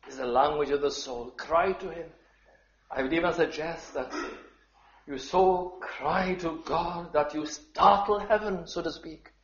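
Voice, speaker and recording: A man delivers a sermon at an unhurried, deliberate pace, often dropping his voice low before rising into fervent appeals. The sound is roomy and a little dull, as if taped in a church. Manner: slow and measured, building to fervent appeals. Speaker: preacher.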